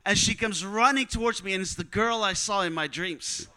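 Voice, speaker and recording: A high, bright man's voice with a clean, smooth tone tells a personal testimony. He tells it like a lively storyteller and slips into the voices of the people he quotes. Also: normal speed, poor audio. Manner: vivid storyteller who acts out quoted dialogue. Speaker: speaker telling a mission testimony.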